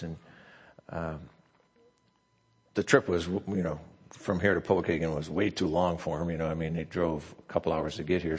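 An older male pastor preaches with a low, gravelly and slightly husky voice. He tells his story loosely, full of fillers and restarts. His voice rings with the long reverb of a church hall. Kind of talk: sermon. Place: church sanctuary.

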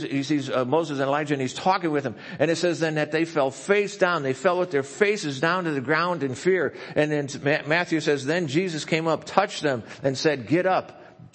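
A man with a slightly high voice preaches a sermon in a church. He slows down and drops to a softer tone whenever he reads scripture quotes. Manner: reads scripture quotes slowly and softly, asks if he talks too fast. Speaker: pastor.

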